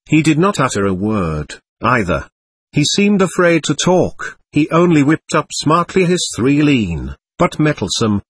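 A male narrator reads a classic novel with expressive, animated intonation. His voice has a husky grain, and the recording is dry and close. The delivery is measured, steady storytelling. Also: mid-range voice, no echo. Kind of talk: audiobook narration.

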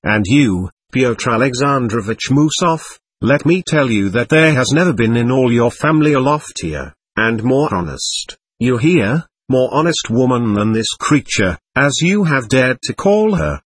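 A man reading aloud as a raging, spluttering old father who yells at everyone. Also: mid-range voice, animated, unhurried, hardly any pauses, husky, dry recording. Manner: yelling, spluttering. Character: old male buffoon father, shrill and raging.

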